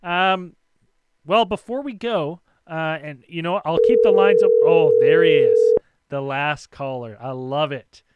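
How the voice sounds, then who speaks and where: A man's voice: a little high, a little slow, phone-quality sound. A man hosting a call-in podcast, talking in an upbeat, chatty way. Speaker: host. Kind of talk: casual chat.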